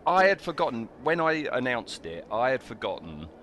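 A man's voice: mid-range voice, normal speed, slight background noise. A man co-hosting a podcast, chatting casually with lots of ums and restarts. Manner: hesitant, animated, with many ums. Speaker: podcast co-host. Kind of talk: casual chat.

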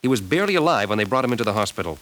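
A brisk, serious spy chief. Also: male voice, on the low side, poor audio. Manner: steady, briefing tone. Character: calm government intelligence chief. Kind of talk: 1970s children's record drama.

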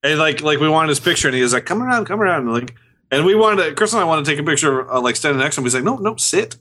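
A man's voice: on the high side, expressive, racing, bright, forceful tone. A man co-hosting a podcast, telling convention stories in casual chat with many restarts. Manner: rambling storytelling with many restarts. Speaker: podcast co-host.

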